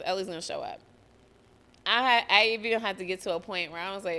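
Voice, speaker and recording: A young adult woman, hosting a motivational solo podcast in an energetic, profane way. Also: mid-range voice, a little fast. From US (Georgia). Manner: energetic, profane, acts out quoted voices. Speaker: podcast host.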